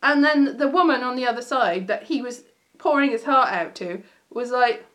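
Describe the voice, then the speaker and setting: A woman's voice: a little high, lively intonation, moderate pace, fairly bright tone. A woman hosting a livestream, chatting casually about television, rambling and correcting herself as she goes. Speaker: livestream host. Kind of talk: casual chat.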